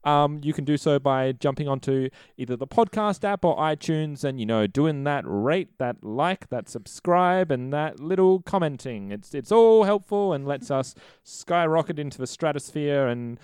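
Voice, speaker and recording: Smooth-voiced man, dry close sound. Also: on the high side, animated, normal speed, few pauses, a little mellow, dry recording. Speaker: podcast co-host. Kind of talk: casual chat, podcast sign-off.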